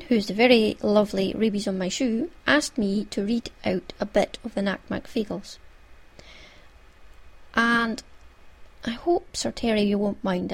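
A woman with a Scottish accent hosting her own podcast in a chatty, homely way, full of little asides. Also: a little high. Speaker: podcast host. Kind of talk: casual podcast chat.

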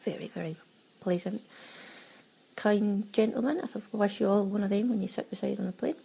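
Speaking at a medium pitch and a brisk pace, this Scottish audio diarist has a mellow, husky voice with vocal fry, heard on poor audio. She chats casually about her travels, laughs a lot and breaks into quoted exclamations as she acts out small exchanges.

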